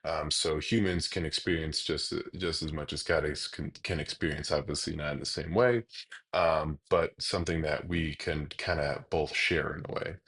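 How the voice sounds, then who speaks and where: A man teaching a Bible lesson in a relaxed, explanatory way, often pausing with hesitations as he talks. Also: very deep voice, breathy edge. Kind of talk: casual teaching monologue.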